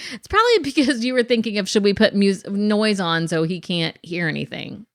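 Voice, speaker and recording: A woman co-hosting a casual chat podcast, easygoing and quick to laugh. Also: medium pitch, lively intonation, no echo. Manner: giggly, easygoing. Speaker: podcast co-host.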